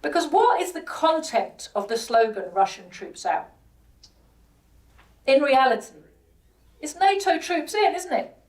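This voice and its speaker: Woman, British accent, public speech, emphatic, rhetorical questions, higher pitch, distant mic. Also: expressive, moderate pace, a little mellow. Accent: British English. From Britain. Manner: emphatic, rhetorical questions, repeats words for stress. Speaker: guest speaker at a political event.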